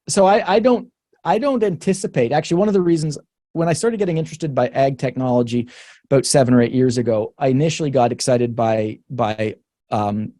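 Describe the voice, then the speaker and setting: Candid Canadian man, mellow dry voice. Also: mid-range voice, no echo. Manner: frank, thinking aloud with many restarts; laughs between points. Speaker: researcher guest. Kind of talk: webinar conversation.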